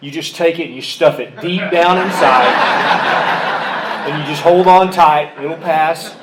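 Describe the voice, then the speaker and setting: Man from Oklahoma, speaker at a recovery meeting, slightly high voice, candid and joking. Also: fairly even intonation, a little slow, heavy background noise. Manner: candid, self-deprecating, storytelling with humor. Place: meeting room with podium. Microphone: podium mic.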